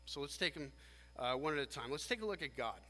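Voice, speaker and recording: Emphatic preacher, bright voice, hall reverb. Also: male voice, a little high, fast. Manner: animated, emphatic preaching with many restarts. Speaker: pastor. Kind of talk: sermon. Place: church sanctuary. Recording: long church hall reverb.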